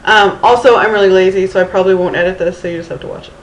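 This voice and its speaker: A woman's voice: medium pitch, steady tone, very fast, a little hiss or hum. A woman in her thirties from Houston, rambling casually in a storytime vlog with Valley Girl-like speech, lots of ums and restarts, into her camera's mic. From Houston, Texas. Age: 30s. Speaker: vlogger. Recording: roomy with faint ambience.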